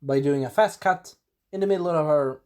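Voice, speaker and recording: A man giving a casual spoken episode recap, animated and breaking into character voices, clearing a scratchy throat. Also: normal speed. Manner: animated, acts out characters in sudden high voices. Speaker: video reviewer.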